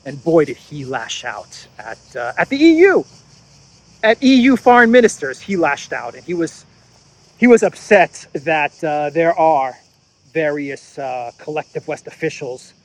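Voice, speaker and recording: A man hosting casual political commentary, sarcastic, laughing at his own jokes and often repeating and restarting phrases. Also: a little high. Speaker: host.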